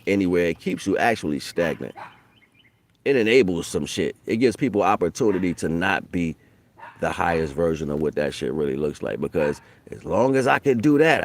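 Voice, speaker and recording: Brief: middle-aged man, low-pitched, streetwise, rambling spiritual talk. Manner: street slang, loose and profane, rises loud for quoted voices. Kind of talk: casual spoken monologue.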